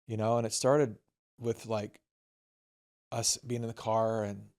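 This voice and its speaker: Middle-aged male guest, low gravelly voice, lively storyteller acting out family scenes. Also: a little slow. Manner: animated anecdotes, acts out family dialogue. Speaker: filmmaker guest. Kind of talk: storytelling in conversation.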